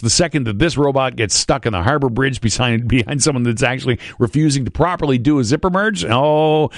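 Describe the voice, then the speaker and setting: A man chats on air as a radio host, loose and joking, starting over mid-thought. His voice sits at an ordinary pitch. The studio sound is dry and close, with no room around it. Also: no echo. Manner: rambling, joking, with restarts. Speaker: radio morning show host. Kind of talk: casual on-air chat.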